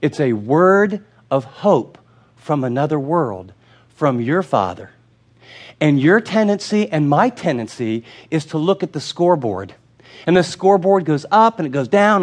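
A middle-aged male pastor preaching a sermon in a conversational, storytelling way, earnest and direct. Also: high-pitched.

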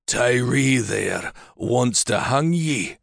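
A man reading an audiobook and voicing a vicious, crusty old Highland laird with a Scottish accent. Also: expressive, extremely slow, dry recording, studio quality, full character voice. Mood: menacing. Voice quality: crusty, gruff.

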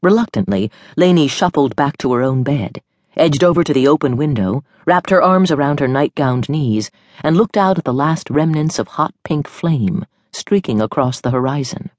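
A woman narrating an audiobook novel in an expressive storytelling manner. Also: deep voice, moderate pace, no room sound, studio quality.

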